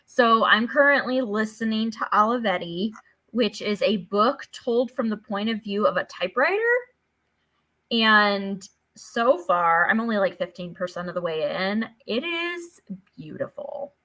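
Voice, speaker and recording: Book-chat co-host, woman, bright voice, casual and chatty, fills with "like". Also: medium pitch, expressive, measured pace. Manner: chatty, many "like" fillers.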